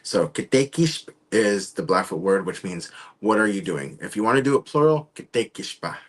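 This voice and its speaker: A man hosting his own live online show, talking casually and haltingly while he waits for his guests. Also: lowish voice, expressive. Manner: rambling, halting, trails off. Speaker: show host. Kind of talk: casual livestream talk.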